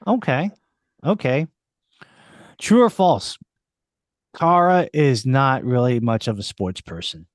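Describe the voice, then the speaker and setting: A man hosting a casual interview in a studio, playful and halting with restarts. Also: medium pitch, expressive, dry recording. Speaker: podcast host. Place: recording studio.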